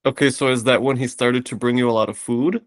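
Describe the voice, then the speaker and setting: Calm man explaining as an astrologer. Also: mid-range voice, fast. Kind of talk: casual consultation.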